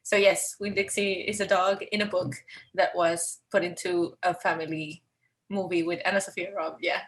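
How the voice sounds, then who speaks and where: A woman's voice: lowish voice, level tone, normal speed. A woman teacher co-hosting a casual chat, talkative and giggly, with apologetic asides. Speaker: teacher, co-host.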